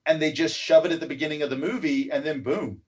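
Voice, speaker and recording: A man's voice: fairly high pitch, quick pace, slightly rough. A man guest in a casual movie chat who makes dry, wry remarks. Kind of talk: casual live-stream chat.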